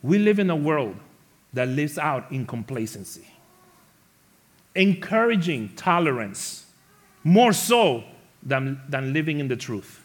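A man preaching a sermon to his congregation, animated, acting out the quoted characters and rising to loud emphasis. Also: fairly high pitch, slow pace, long pauses. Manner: speaks to the congregation as church family. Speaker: pastor.

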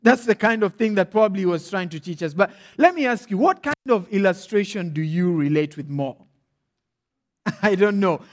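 A preacher with a Kenyan accent tells stories as he preaches, lively and direct. His voice sits fairly high for a man. He keeps checking in with his listeners. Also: moderate pace. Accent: Kenyan English. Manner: animated, checks in often with "all right?". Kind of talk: storytelling sermon.

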